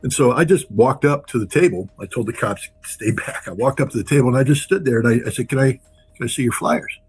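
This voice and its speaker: A man's voice: medium pitch, fast, slightly rough, faint music behind. A man giving impassioned, blunt political commentary as a guest, repeating phrases for emphasis.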